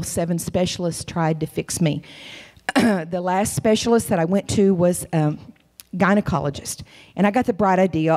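A woman in her fifties giving a folksy, animated sermon as a guest church speaker, calling listeners honey. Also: fairly low pitch, long reverb tail. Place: church sanctuary.

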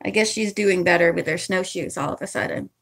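A woman's voice: lowish voice, fairly quick, creaky, fairly bright tone, husky. A woman reading a novel aloud in a casual way, with chatty asides between passages. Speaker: reader.

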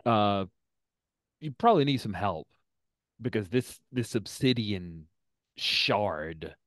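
Game master, male, low and unhurried, dry close sound. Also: lively intonation, a bit bright, no echo. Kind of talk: narrating a tabletop role-playing game.

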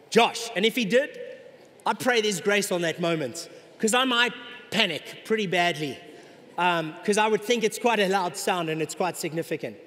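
A middle-aged male pastor with a fairly high voice preaches an animated sermon. He slips into the voices of doubters in his congregation to make his point. His words ring out with a long reverb in a large church hall.

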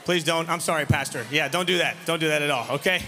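A man leading a lively children's revival service, joking and teasing the kids while he gives them actions and call-and-response lines. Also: a little high, fast, soft background music. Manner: playful, teasing, loud leader of a crowd of kids. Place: large church sanctuary. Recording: reverberant church hall, faint room noise.

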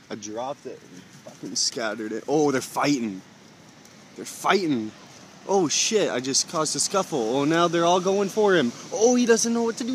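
A man's voice: fairly high pitch, slight background noise. A man sitting in a parked car outdoors, coaxing birds with sweary, sing-song chatter. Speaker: man feeding ravens from a car.

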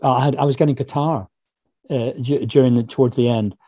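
Animated Northern Irish man telling stories. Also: mid-range voice, dry recording. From Northern Ireland. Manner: quick, animated storytelling, slips into voices when quoting others. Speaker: guest author. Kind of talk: casual interview chat.

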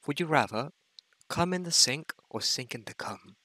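A man co-hosting a casual video-call interview, teasing and quick to crack up. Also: on the high side, expressive, pushed and bright, no echo. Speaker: co-host interviewing a friend's dating matches.

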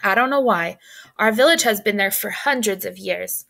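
A woman voicing a gentle, polite young male troll who speaks softly and sorrowfully in a storybook reading. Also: medium pitch, normal speed, gravelly.

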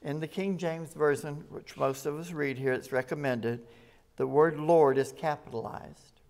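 A man's voice: fairly high pitch, steady tone, measured pace, darkish tone. Man preaching a sermon. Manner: conversational preaching, reads scripture aloud with rising emphasis. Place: rescue mission chapel.

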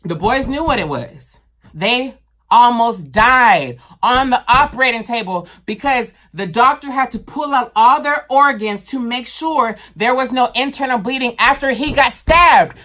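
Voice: high voice, expressive, unhurried, sharp tone. A vlogger ranting to camera in a heated, emphatic and profane way, blunt and full of slang. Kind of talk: impassioned rant to camera.

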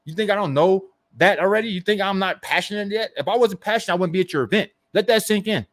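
A man who coaches network marketing gives an animated, emphatic motivational rant, firing rhetorical questions at the listener and mocking hype. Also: high-pitched, fast talker.

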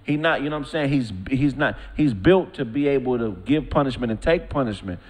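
A man's voice: mid-range voice, fairly quick. A man co-hosting a talk show, debating in a laid-back but emphatic way. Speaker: co-host. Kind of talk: casual banter.

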